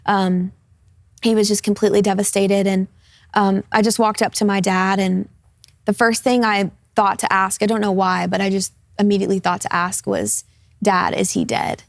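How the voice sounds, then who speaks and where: A woman's voice: mid-range voice, level tone, normal speed, gravelly, no echo. A woman in her twenties, a talk show guest, sharing her personal testimony in an earnest, open way. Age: 20s. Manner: earnest, open, laughs easily in light moments. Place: television studio.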